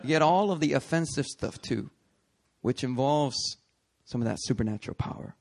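A man preaching a sermon, animated and conversational, acting out voices in his stories. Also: medium pitch, moderate pace, gravelly. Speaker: pastor.

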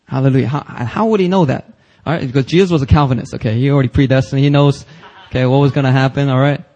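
A man's voice: medium pitch, quick pace, a little mellow, poor audio. A man preaching a church sermon, emphatic and casual, with slang and rising intensity on quoted passages. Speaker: pastor. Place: church service.

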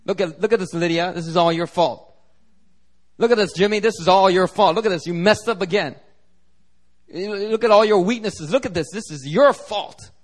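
The devil jeers and pins the blame, his voice pushed higher and louder than usual, as a preacher puts him on. He sounds sly and accusing. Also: normal speed. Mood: taunting. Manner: taunting, blaming. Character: accusing devil, sly blaming male tempter.

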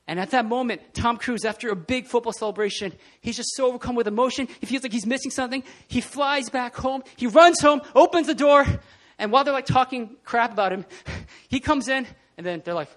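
A man preaching a casual, animated sermon in a church, often laughing and acting out scenes. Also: very high voice. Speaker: pastor. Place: church hall.

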